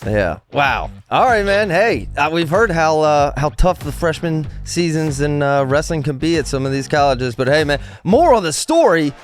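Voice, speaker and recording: Lively man hosting a podcast. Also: a little high, moderate pace, hardly any pauses, soft background music. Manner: enthusiastic, hype-man sign-offs. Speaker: podcast host. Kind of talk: casual interview chat.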